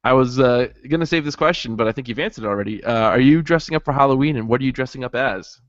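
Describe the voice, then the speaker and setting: A man's voice: mid-range voice, no echo. A man co-hosting a podcast in casual chat, laughing easily and restarting his sentences often. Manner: chatty, laughs easily, halting with many restarts. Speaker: podcast co-host. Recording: dull lo-fi audio.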